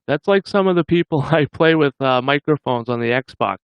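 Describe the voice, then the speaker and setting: A man's voice: fairly high pitch, expressive, normal speed, clean tone, no room sound, dull audio. A man hosting a livestream, chatting casually with viewers in a rambling way and chuckling often. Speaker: livestream host.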